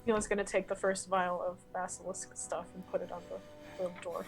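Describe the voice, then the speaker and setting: A woman with a husky, slightly breathy voice at a tabletop game. She states her character's actions plainly. Her tone is matter-of-fact. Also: on the low side, flat delivery, moderate pace, faint music behind. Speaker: player. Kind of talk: tabletop role-play chat.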